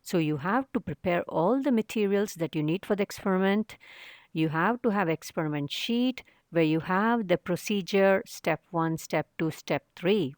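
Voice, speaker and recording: A woman's voice: on the low side, lively intonation, moderate pace, no echo, clean studio sound. A woman teacher giving a recorded science lesson to children, explaining step by step and asking rhetorical questions.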